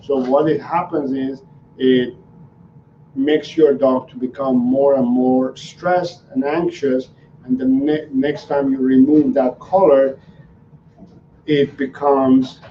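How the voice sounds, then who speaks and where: A man's voice: mid-range voice, a little hiss or hum. A male dog trainer answering viewer questions live, explaining in an earnest, repetitive way. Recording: roomy, slightly dull livestream audio.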